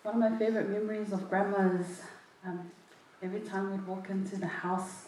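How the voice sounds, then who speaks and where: A young woman, a granddaughter, sharing memories at a memorial service. She talks softly and haltingly, with frequent ums. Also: mid-range voice, level tone, distant mic. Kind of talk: informal memorial speech. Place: large echoey hall at a family service. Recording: very echoey hall, off-mic, faint noise.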